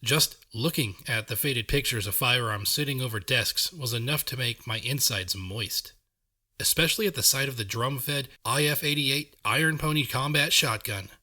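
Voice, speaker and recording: A man narrating a story in the first person, reading in a measured, steady way. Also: mid-range voice. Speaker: audiobook narrator.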